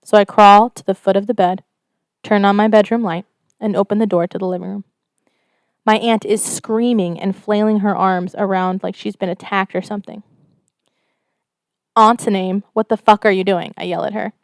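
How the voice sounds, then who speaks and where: A woman's voice: medium pitch, fairly quick, no echo, studio quality. A woman co-hosting a casual podcast, reading out a listener's story and chatting, swearing freely. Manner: casual, swears freely, reads stories in a steady flat telling.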